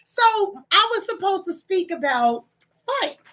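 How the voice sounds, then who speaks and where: High, bright-voiced emotional woman vlogger. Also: sing-song, unhurried. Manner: emotional, tearful and laughing, talks with many restarts. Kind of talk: casual personal vlog storytelling.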